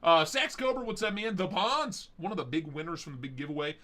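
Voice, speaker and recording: A man's voice: on the high side, a little fast, sharp tone. Rambling, joking male stream host. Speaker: livestream host. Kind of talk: casual live-stream chat.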